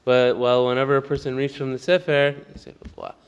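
A man's voice: medium pitch, flat delivery, clean tone, dull audio. Man teaching a Torah class in a reverberant room. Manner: reads quickly in Hebrew, then explains in English with laughs. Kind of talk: casual Torah class reading and explaining a text.

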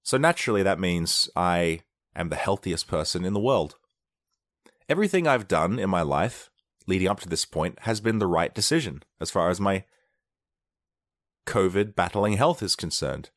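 A man's voice: deep voice, big pitch swings, normal speed, no echo, studio quality. A man rambling sarcastically in a comedic monologue, now and then acting out quoted people in short bursts while sick with a mild illness.

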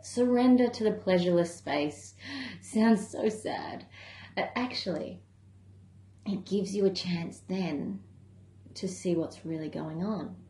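A woman wellness coach giving a calm, gentle self-help talk in a conversational way. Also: on the low side, slow pace. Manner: calm, gentle, conversational, with many "you know" asides. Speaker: wellness coach running a membership program. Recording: echoey room.

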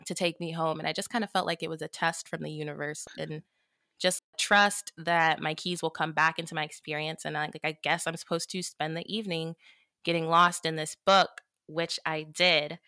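A woman hosting a podcast, telling a story in an animated, chatty way with casual swearing and plenty of "like". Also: low-pitched, normal speed, dry recording, studio quality. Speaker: podcast host.

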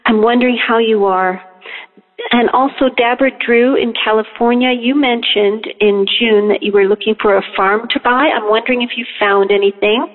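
A woman from Canada leaving a phoned-in message, gently and caringly asking after others. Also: fairly high pitch, fairly even intonation, normal speed, hardly any pauses, soft background music. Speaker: caller. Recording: tinny phone line with long reverb.

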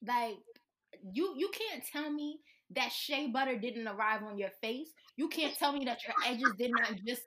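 A woman's voice: fairly high pitch, lively intonation, moderate pace, fairly bright tone. A woman hosting a podcast in casual chat, playful and joking as she reads out notes and teases her co-hosts. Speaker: podcast host.

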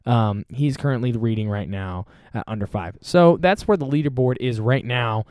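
A young man hosts a casual solo podcast, rambling and poking fun at himself as he chats. His mid-range voice is clean and darkish, at a moderate pace, recorded in a clean studio with no echo.

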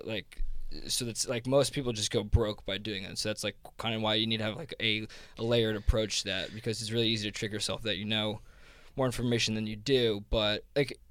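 A man's voice: lowish voice, a bit bright, no room sound. A man with a South Jersey accent talking casually, rambling with lots of fillers and restarts. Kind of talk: casual conversation.

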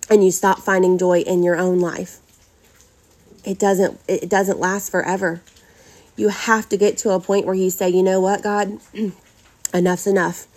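Earnest woman, mellow voice. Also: medium pitch. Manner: earnest and heartfelt, addressing listeners as y'all. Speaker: podcast host. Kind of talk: personal faith talk to listeners.

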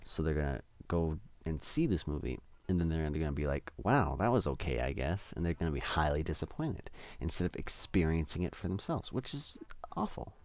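A man's voice: rumbling low, animated, brisk, hardly any pauses, darkish tone, no echo. A young man hosting a solo podcast, rambling and self-deprecating with lots of hesitations. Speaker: podcast host.

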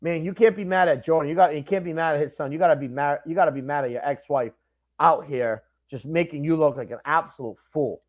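A young man co-hosting a casual sports podcast, ranting and swearing with lots of energy. His voice sits a bit high for a man. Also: fast. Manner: animated ranting, profane. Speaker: podcast co-host.

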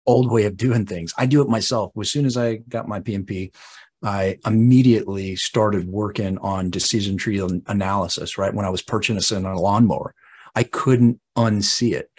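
A male podcast host summing up points in a relaxed, reflective way. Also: lowish voice, normal speed, slightly rough. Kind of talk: casual podcast conversation.

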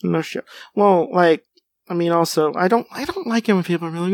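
A man's voice: sits high, a little fast, no echo. A man hosting a podcast, chatting casually and ranting with jokes and mock voices. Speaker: podcast host. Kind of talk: casual comic chat.

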